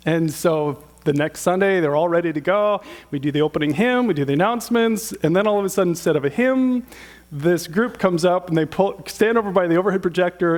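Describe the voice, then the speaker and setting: Pastor in his fifties: higher-than-usual male voice, storytelling sermon, rhetorical questions to the room. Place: church hall with audience.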